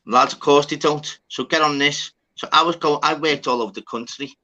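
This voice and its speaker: Sweary man, bright voice. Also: fairly high pitch, brisk, low-quality recording. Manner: rambling, sweary, slangy storytelling. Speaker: podcast talker. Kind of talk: casual chat.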